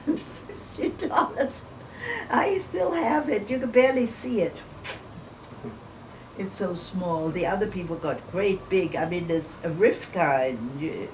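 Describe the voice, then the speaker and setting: A woman in her eighties, a chatty storyteller who laughs between her anecdotes in an oral history interview. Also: fairly low pitch. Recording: distant mic with background noise.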